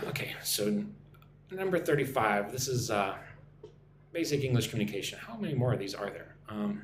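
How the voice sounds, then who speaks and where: An American man teaching English on a live stream, speaking slowly and repeating phrases for learners to copy. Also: mid-range voice, lively intonation, echoey room, background noise. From United States. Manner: slow, careful, repeats phrases for learners to shadow.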